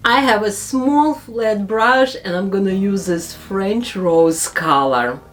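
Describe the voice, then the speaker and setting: A woman narrating a makeup tutorial as a beauty vlogger, speaking slow, careful English with non-native phrasing. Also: mid-range voice, soft background music.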